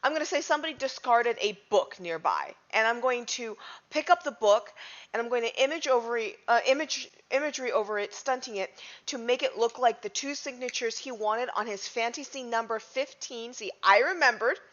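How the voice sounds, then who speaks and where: Higher-voiced woman on dull lo-fi audio. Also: brisk, fairly bright tone. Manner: chatty, self-correcting. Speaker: player. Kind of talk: tabletop game talk.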